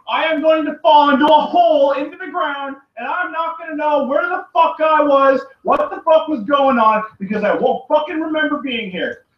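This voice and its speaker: A man with a strikingly high voice rants on his own, swearing constantly and circling back over the same points. He keeps breaking into shouts. The sound is dull and lo-fi, picked up from a distance in an echoing room with water running behind him. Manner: profane, rambling and repetitive, often shouting. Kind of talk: angry solo rant to camera. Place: room by a running turtle tank.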